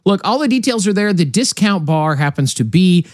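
A man hosting a political talk podcast, animated and opinionated, sounding tired, often restarting his sentences. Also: high-pitched, normal speed, dry recording, clean studio sound. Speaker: podcast host. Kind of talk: casual political talk show chat.

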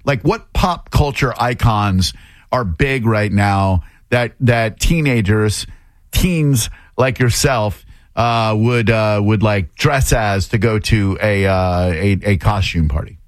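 A man's voice: on the low side, slow, no room sound. Guy radio host rambling and joking around, dry close mic. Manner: joking, rambling, self-deprecating. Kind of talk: casual on-air interview. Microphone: studio microphone.

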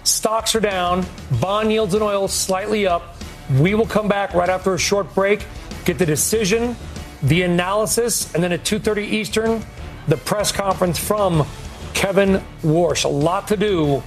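High-voiced male news anchor. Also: faint music behind. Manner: brisk, conversational anchor delivery. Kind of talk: broadcast news hosting.

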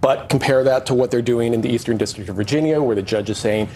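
A man's voice: mid-range voice, fast, mellow, a little hiss or hum. A man, a former federal prosecutor, explaining legal points eagerly as a news guest.

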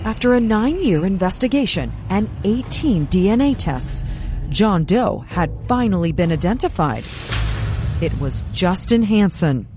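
Lively narrating newswoman over music. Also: mid-range voice. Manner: measured, dramatic storytelling. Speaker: news correspondent narrator. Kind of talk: scripted news narration.

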